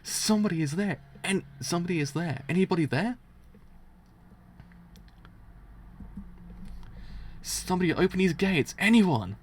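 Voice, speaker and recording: A man voicing a cold, scheming male priest villain while reading a manga aloud, muttering and counting prime numbers to steady himself. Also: high voice, fast, pitched above the performer's own voice. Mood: shouting.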